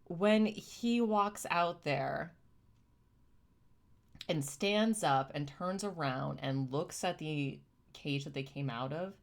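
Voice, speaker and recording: A young woman talks through a live stream in a low voice. She takes her time and explains what she sees carefully. Her feelings come through openly, and she sounds close to tears. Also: slow, creaky. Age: young adult. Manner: emotional, gushing, often near tears; thoughtful, explaining in plain terms. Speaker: streamer reacting to chimp videos. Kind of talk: casual live-stream commentary.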